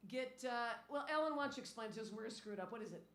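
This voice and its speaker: A woman's voice: a little high, lively intonation, fairly bright tone, echoey room. A woman singer-songwriter bantering playfully between songs on a music club stage. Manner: joking, playful, quick asides. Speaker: singer-songwriter performing live.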